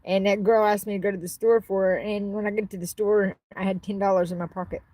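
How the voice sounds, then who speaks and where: A woman's voice: mid-range voice, fairly even intonation, fast talker, dark tone, a little hiss or hum. A woman from Arkansas, chatting bluntly and rambling on a casual livestream, answering her chat.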